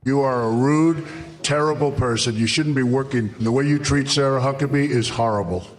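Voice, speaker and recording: An indignant anonymous caller, put on by a man, leaves a scolding voicemail, his voice altered by a voice changer. He sits at an ordinary middle pitch and sounds accusatory throughout. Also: moderate pace.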